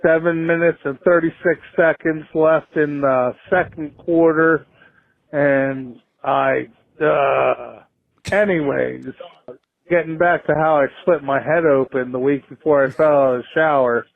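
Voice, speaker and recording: A man's voice: fairly high pitch, fairly even intonation, a little slow, vocal fry. A man calling in and rambling a profane story in a voicemail. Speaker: caller. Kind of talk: voicemail message. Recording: tinny phone line.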